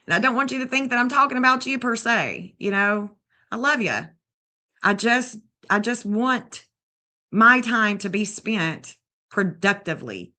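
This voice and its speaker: A woman's voice: mid-range voice, bright, forceful tone. A woman, bluntly and indignantly scolding as she comments on a livestream. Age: 50s. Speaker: true crime streamer.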